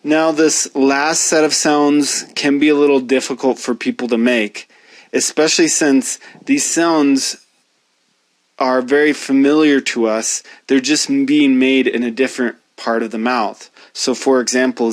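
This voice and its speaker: A man teaching a pronunciation lesson, speaking slowly and deliberately as he demonstrates each sound. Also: medium pitch, steady tone, dry recording. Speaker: language teacher.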